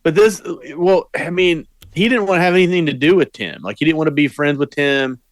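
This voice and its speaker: A man's voice: on the high side, fairly quick, dry recording, studio quality. A man co-hosting a podcast, mostly giving short agreeing replies in profane casual chat. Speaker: podcast co-host.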